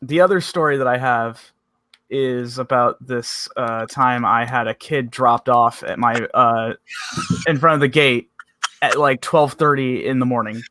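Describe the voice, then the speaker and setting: A man's voice: medium pitch, steady tone, a little slow, bright, forceful tone, a little hiss or hum. A young man co-hosting a podcast, telling stories in casual chat, laid-back, swearing freely and laughing as he goes. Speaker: podcast co-host.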